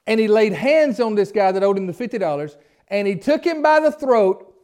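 A man with a notably high-pitched speaking voice leads an informal Bible study. He reads scripture aloud, then turns to his listeners with plain, folksy questions, often restarting his phrases as he goes. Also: lively intonation, normal speed, darkish tone. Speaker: Bible teacher. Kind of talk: conversational Bible study teaching.

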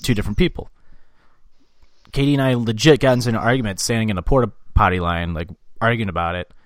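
A young man co-hosting a podcast, telling loose, profane stories in casual chat and loudly acting out what people said. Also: lowish voice, fairly even intonation, fast talker, no room sound, studio quality. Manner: swearing storyteller, acts out quotes loudly. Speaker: podcast co-host.

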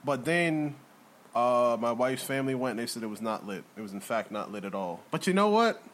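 A man's voice: mid-range voice, lively intonation, a little fast, fairly bright tone, slight background noise. A man co-hosting a podcast in casual chat, joking and swearing freely. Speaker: podcast co-host. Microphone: podcast mic.

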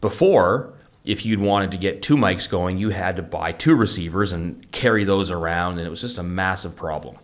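A man's voice: deep voice, moderate pace. A man co-hosting a podcast, chatting casually and enthusiastically about audio gear, with lots of restarts. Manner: rambling, restarts often, enthusiastic about gadgets. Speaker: podcast co-host. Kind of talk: casual gear review chat.

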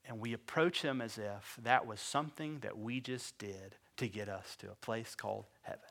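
A man preaching a sermon as pastor, swinging between loud emphatic bursts and quiet low asides, and acting out the characters he describes in casual voices. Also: moderate pace, creaky. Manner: acts out biblical characters in conversational voices.

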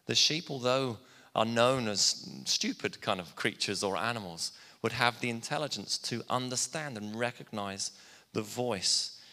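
Man, preaching, plainspoken storyteller, bright tone, long hall reverb. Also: lowish voice. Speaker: pastor. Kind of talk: sermon.

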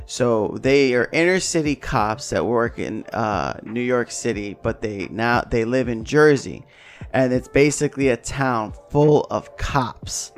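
A man hosting a podcast in loose, rambling casual chat, swearing freely and laughing often. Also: mid-range voice. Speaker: podcast host.

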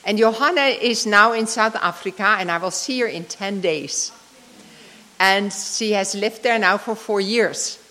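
An older woman gives a devotional talk, telling an emotional personal story as part of a sermon before closing in soft prayer. She speaks unhurriedly at medium pitch, and the long reverb of a large hall fills the recording.

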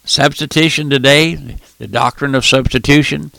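An older man preaching a fervent radio sermon in a folksy, impassioned way, swinging from loud outbursts to hushed appeals. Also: medium pitch, steady tone, moderate pace, creaky, dry recording. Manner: impassioned, folksy, calls out "my friend", surges loud then drops soft.

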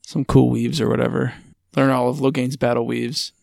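Gravelly man with laid-back dry quips. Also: mid-range voice, flat delivery, normal speed, darkish tone, no echo. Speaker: podcast co-host. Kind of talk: casual chat.

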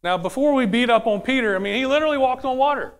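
A man's voice: very high-pitched, expressive, quick pace, clean tone. A man preaching a sermon in a conversational way, often asking the audience questions.

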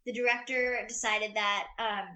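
A woman's voice: a little high, level tone, unhurried, sharp tone. A woman interviewed about her acting work, talking in a bubbly, gushing way with lots of fillers. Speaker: actress being interviewed. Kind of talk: casual interview chat.

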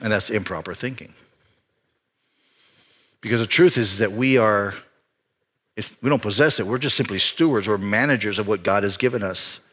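A man preaching a sermon as pastor, telling a personal story in an animated way with frequent restarts. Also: lowish voice, moderate pace, pauses often, breathy edge.

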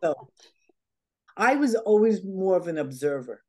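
Woman guest, mid-pitched, chatty storyteller who laughs often and mimics the people in her stories. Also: measured pace. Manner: animated, laughs often, acts out quoted dialogue. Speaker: interview guest. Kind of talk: casual anecdotal storytelling.

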